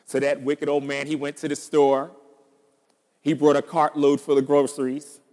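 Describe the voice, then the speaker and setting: A male pastor preaching a sermon, telling a story and building to loud emphasis. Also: a little high, completely flat delivery, normal speed, in a large hall.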